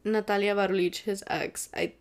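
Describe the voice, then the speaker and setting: A woman's voice: medium pitch, moderate pace. A young woman hosting a casual solo podcast, chatty and blunt, and she swears freely. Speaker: podcast host.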